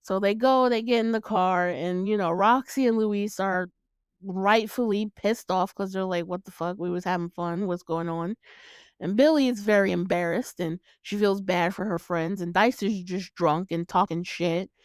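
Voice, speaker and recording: A woman's voice: mid-range voice, normal speed, smooth, dry recording, clean studio sound. A woman hosting her own show, recapping a movie in casual chat, swearing freely, laughing often and acting out her reactions. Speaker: podcast host reviewing a film.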